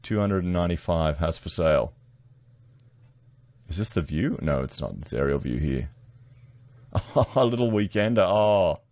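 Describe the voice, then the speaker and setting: A man's voice: low voice, expressive, normal speed, long pauses, a little mellow, dry recording. A man with an Australian accent giving blunt, casual commentary to his online viewers, often calling them guys. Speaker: political commentary YouTuber.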